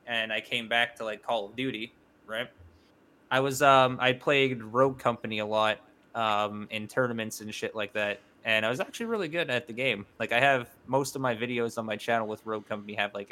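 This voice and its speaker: A man's voice: mid-range voice, sharp tone. A man talking as a podcast guest in casual chat, rambling with lots of fillers and swearing.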